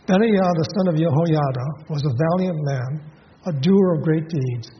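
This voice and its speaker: A man's voice: a little high, moderate pace, slight background noise. A man preaching a sermon in a conversational way, asking his listeners questions and often restarting with fillers. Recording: dull audio in a reverberant hall.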